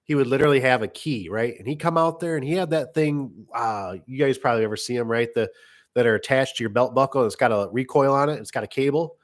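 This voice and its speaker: A man's voice: medium pitch, quick pace. Rambling middle-aged man telling job stories. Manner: rambling, acts out customer voices. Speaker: garage door business owner. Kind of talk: casual storytelling monologue.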